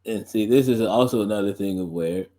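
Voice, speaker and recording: A man's voice: on the low side, a little fast, warm tone. A young man hosting a podcast and stream, chatting loosely with lots of fillers and laughs. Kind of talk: casual rambling chat.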